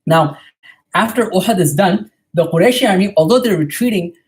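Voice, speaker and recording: A man giving a storytelling history lecture at a mosque, retelling events quickly and often checking in with "right?". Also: sits high, lively intonation, breathy edge.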